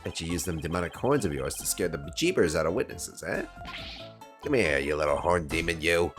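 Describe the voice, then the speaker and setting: A man's voice: deep voice, lively intonation, fairly quick, soft background music. A man voicing a sneaky, scheming male caretaker in a put-on New York accent, drawling and brash. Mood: folksy.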